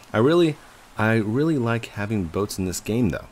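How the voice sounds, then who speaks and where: A man in his thirties, a father, giving casual, chatty commentary over his gameplay. He laughs often and bursts into high, excited yells. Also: measured pace, slight background noise. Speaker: gaming YouTuber.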